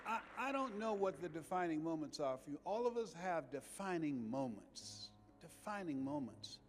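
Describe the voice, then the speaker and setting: A man giving a preacherly motivational speech to a live audience, repeating phrases and swinging between loud and soft. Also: on the high side, expressive, normal speed, long reverb tail, soft background music. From United States. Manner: preacherly, swells and drops in volume, repeats phrases for emphasis. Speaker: motivational speaker.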